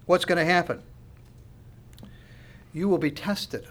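Male pastor, slightly high pitch, fervent sermon delivery with hushed-to-loud swings. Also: slow.

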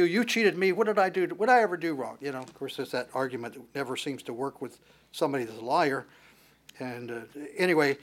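A man preaching a sermon, retelling scripture in a casual way and acting out bits of dialogue. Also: a little high. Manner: conversational, retells scripture with acted dialogue and chuckles.

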